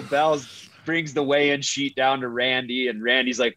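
A man who is a retired hockey player, telling locker-room stories in a casual, halting way with frequent laughs. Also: mid-range voice, steady tone, bright, forceful tone, a little hiss or hum. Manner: laughing, halting storyteller with restarts. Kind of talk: casual storytelling chat.

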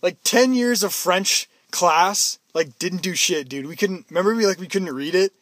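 Lively young Canadian man telling stories. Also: high voice, normal speed, no echo. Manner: animated, acts out quotes in loud put-on voices. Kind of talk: casual storytelling chat.

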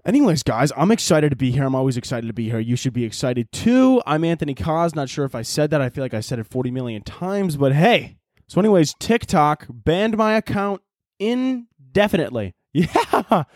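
A man's voice: on the high side, very animated, normal speed, darkish tone, no room sound, clean studio sound. A man hosting his own podcast, rambling and joking with lots of swearing. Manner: rambling, profane, jokey, self-interrupting. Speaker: podcast host. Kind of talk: casual solo podcast chat.

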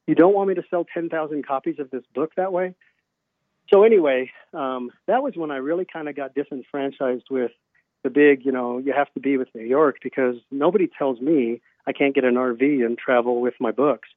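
A man's voice: mid-range voice, normal speed, dry recording. A man, a self-published author, chatting as an interview guest in rambling anecdotes full of fillers, acting out the dialogue he quotes. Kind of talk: casual storytelling interview. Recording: dry, tinny phone-like line.

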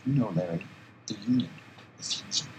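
A man doing a hushed, menacing energy being. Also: lowish voice, fairly quick, slight background noise, lightly acted, low-quality recording. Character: cold, eerie male energy being, calm and menacing.

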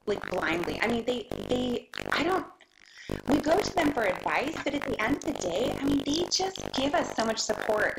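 A middle-aged woman, a business owner, chats as a guest in a casual interview, sounding emotional and often restarting her sentences. Her voice sits a little high, and the recording is roomy with background noise.

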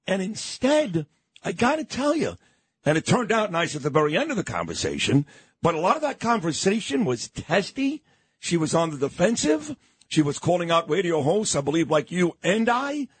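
Brash husky New radio host. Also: male voice, sits high, wildly swooping pitch, no room sound. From New York. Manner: brash, fast and emphatic. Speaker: radio talk show host. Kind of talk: talk radio chat. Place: radio studio.

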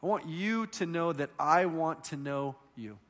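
A man in his thirties preaching a sermon, telling stories in a conversational way that swings between loud and hushed. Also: fairly high pitch, a little slow, big-room sound.

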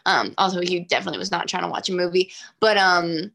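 Bright, chatty young woman. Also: on the low side, fairly quick, hardly any pauses. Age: 20s. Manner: chatty, heavy use of "like", animated. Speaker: singer-songwriter guest. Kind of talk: casual interview storytelling.

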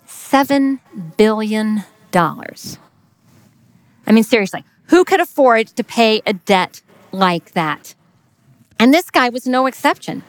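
A woman delivers a devotional message, telling a parable slowly and with a lot of pitch movement. Her voice sits fairly high and she drops into whispers to stress key points. The sound is dry and close. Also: no room sound. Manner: expressive, drops to a whisper for emphasis. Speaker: speaker giving a devotional message. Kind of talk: sermon storytelling.

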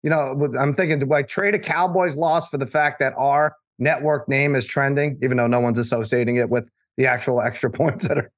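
A man's voice: medium pitch, fairly even intonation, fairly quick, few pauses. A man hosting a casual sports talk show, rambling and often restarting his sentences. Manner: rambling, self-interrupting.

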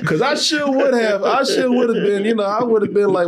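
A man's voice: sits high, fairly quick, over a noisy crowd. A man co-hosting a casual chat, telling a long story with profanity, laughter and acted-out quotes. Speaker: podcast co-host.

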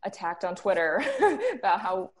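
A woman's voice: medium pitch, a little slow. Chatty young woman telling her story. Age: young adult. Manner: chatty, animated, with frequent "like" and laughs. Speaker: guest, former Christian band member. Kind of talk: casual interview storytelling.

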